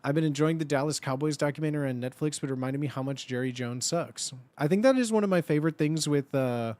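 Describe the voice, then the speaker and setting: A man's voice: on the high side, quick pace, darkish tone, no echo. Blunt, profane man streaming. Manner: profane, blunt, laughs often. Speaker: livestreamer. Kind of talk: casual livestream chat.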